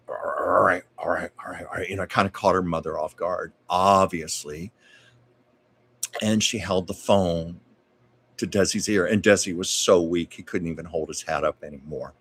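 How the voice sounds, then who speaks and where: A man with a very deep voice hosts a live-streamed chat. He recounts anecdotes conversationally, adding asides and corrections as he goes. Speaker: host. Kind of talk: storytelling livestream chat.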